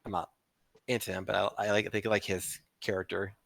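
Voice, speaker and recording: A young man speaks in a low-pitched, gravelly voice, rushing through his words. He hesitates and restarts often, leaning on fillers, in a dry, close recording. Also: little pitch movement, a bit bright, no room sound. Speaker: guest. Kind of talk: casual chat.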